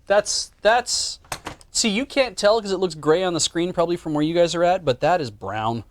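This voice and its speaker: A man's voice: sits high, animated, normal speed, a little hiss or hum. A man hosting a live stream, chatting casually and joking with stumbling restarts. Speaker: stream host.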